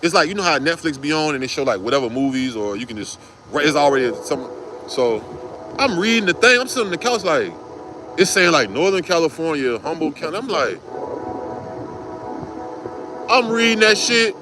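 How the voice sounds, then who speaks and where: This man's voice sits fairly high and moves briskly in a sing-song way, over some background noise. Swearing freely in street slang, he spins a wild personal tale and imitates the voices of the people in it.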